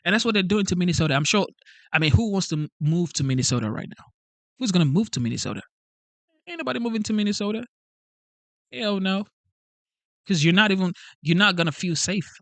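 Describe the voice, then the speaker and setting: A man hosts a live stream, speaking with a fairly high pitch for a man. He repeats lines and fires off rhetorical questions in a lively way. His voice sounds dry and close to the mic. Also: dry recording. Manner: animated, repetitive, asks rhetorical questions. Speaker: channel host. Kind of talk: live-stream commentary reading chat.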